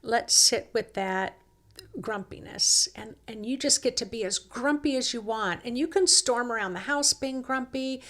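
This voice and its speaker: A woman hosting a reflective self-help talk, coaxing and unhurried, who slips into quoted inner dialogue. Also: a little high, fairly bright tone. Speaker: host.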